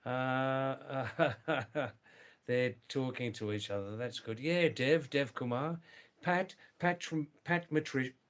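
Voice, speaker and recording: An older man hosts a relaxed live stream and talks at an unhurried, drawn-out pace. His voice is smooth and clear, and he greets each viewer by name. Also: medium pitch. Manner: slow, chatty, greets viewers by name, often says wow.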